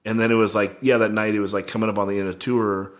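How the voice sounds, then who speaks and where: A man's voice: fairly low pitch, flat delivery, fast talker. A man in casual podcast chat, rambling through a tour story with constant "like" fillers.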